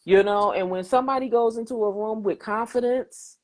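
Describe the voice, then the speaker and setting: A woman's voice: a little high, normal speed, darkish tone. Emphatic woman podcast host. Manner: emphatic, repeats phrases for effect. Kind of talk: encouraging conversational chat.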